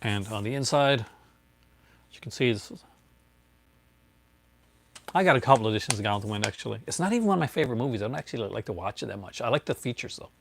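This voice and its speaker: A man with an expressive, creaky mid-range voice talks fast but pauses often while showing his disc collection on a casual livestream. He rambles, laughs a lot and greets viewers by name, with slight background noise behind him.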